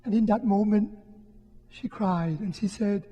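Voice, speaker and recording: Long church reverb surrounds a Catholic priest's homily at Mass, heard through lo-fi sound. His high, soft, husky, and mellow voice moves gently and reflectively, broken by many pauses.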